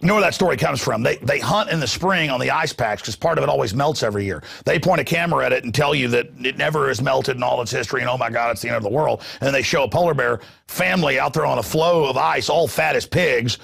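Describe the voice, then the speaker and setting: A man's voice: medium pitch, fast, vocal fry, hardly any pauses, fairly bright tone, husky. A man hosting a talk show, ranting in a combative, sarcastic monologue. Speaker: talk radio host.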